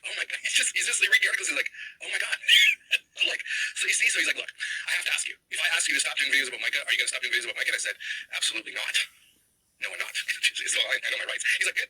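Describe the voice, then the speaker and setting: Brief: male podcast host, fast and animated, plays all the parts in his anecdotes. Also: on the high side, a little hiss or hum, low-quality recording. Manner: acts out both sides of conversations. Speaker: podcast host and commentary creator.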